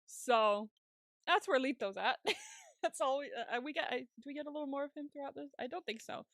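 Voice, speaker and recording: Woman podcaster retelling a show, lively and laughy, kinda high voice, dry close sound. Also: normal speed, no room sound. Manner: animated retelling, acts out characters' lines, laughs often. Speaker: podcast co-host. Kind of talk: casual recap chat.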